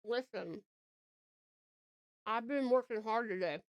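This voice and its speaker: A woman's voice: a little high, takes it slowly, clear, resonant tone, dull audio. A woman with an Australian accent chatting casually on a live stream, giggling and eating as she talks. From Tasmania, Australia.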